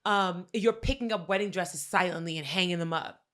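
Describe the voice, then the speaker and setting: Bright-voiced woman, profane casual chat. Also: fairly low pitch, fairly quick. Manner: animated storytelling with mimicked customer voices; profane, slangy. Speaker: podcast co-host.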